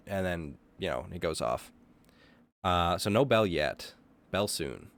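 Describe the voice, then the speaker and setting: Lively-voiced man running a tabletop game. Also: low-pitched, unhurried. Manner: animated narration, shouting lines of characters. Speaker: game master.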